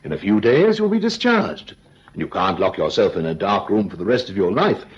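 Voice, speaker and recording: An actor playing a firm, brisk male hospital doctor in a vintage radio drama, reassuring yet stern. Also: on the low side, sing-song. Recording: dull lo-fi old radio recording.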